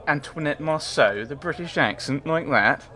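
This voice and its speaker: A man's voice: a little high, animated, normal speed, sharp tone. A man giving casual commentary on his gameplay, rambling and chatty, often mocking himself. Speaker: let's play host.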